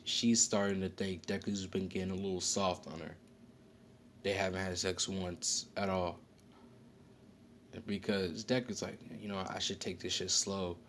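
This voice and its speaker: A man's voice: low-pitched, fairly even intonation, unhurried, long pauses, a little hiss or hum. A man casually telling an improvised story, rambling with slang, fillers and frequent self-corrections.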